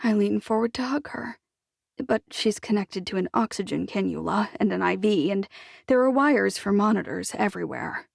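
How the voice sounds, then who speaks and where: A woman's voice: mid-range voice, animated, normal speed, creaky, no echo, studio quality. A woman reading a novel in the first person, with a wry, self-deprecating manner. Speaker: audiobook narrator. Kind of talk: first-person fiction narration.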